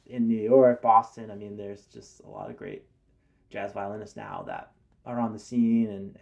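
A man's voice: medium pitch, creaky, warm tone, lo-fi sound. A man speaking as a guest in an interview, hesitant and casual, with many restarts. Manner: hesitant, lots of fillers and restarts. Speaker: guest musician.

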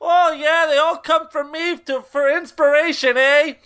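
A brash, hammy middle-aged actor hams up a put-on Canadian accent. The voice sits very high and sharp, drawled out slowly. He tacks "eh" onto his lines like a parody. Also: steady tone, exaggerated voice. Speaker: podcast co-host. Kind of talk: comic impression on a podcast.

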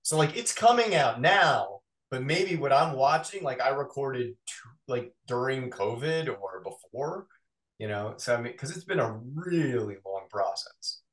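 Animated man chatting in an echoey room. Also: medium pitch. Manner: animated, rambling, quick asides. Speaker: voice actor guest. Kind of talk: casual interview chat.

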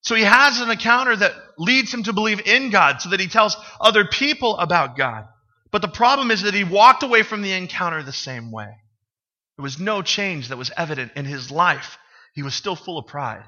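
The audio is dull, but this pastor's voice comes through high-pitched, expressive, and sharp at a normal pace. Preaching in a church sanctuary, he mixes humor into conversational storytelling and questions his congregation.

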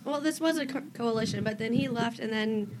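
Hoarse woman losing her voice. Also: a little high, fairly quick, a crowd in the background. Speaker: player.

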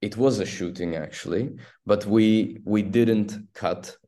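Low-voiced man with a Turkish accent. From Turkey. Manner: halting, restarts often, animated storytelling. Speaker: actor guest. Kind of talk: casual interview storytelling.

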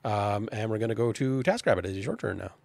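A man's voice: on the low side, sing-song, fast, vocal fry, darkish tone, dry recording. A man narrating as game master of a tabletop role-playing game, casual and chatty, often restarting his sentences.

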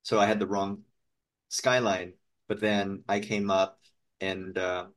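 A man's voice: fairly low pitch, little pitch movement, slow pace. A man from the Philippines co-hosting a podcast. He reminisces in loose, rambling casual chat, full of "like". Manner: loose and rambling, heavy on fillers like "like". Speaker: podcast co-host.

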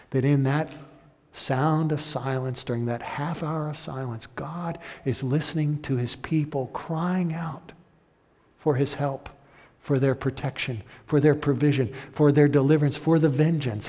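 Male pastor preaching, mid-pitched, gets loud and emphatic then goes quiet and slow, lots of hall reverb. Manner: rising to emphatic peaks, then dropping low and slow. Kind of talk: sermon.

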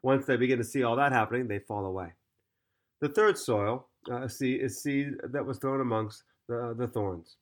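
A man's voice: mid-range voice, moderate pace. Man teaching a Bible passage. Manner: earnest, with frequent fillers and restarts. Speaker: preacher.

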